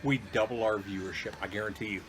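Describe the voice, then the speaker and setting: A man's voice: fairly low pitch, fairly even intonation, fast talker, soft background music. A middle-aged man co-hosting a casual wine show, agreeing readily and joking with his co-host. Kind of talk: casual chat.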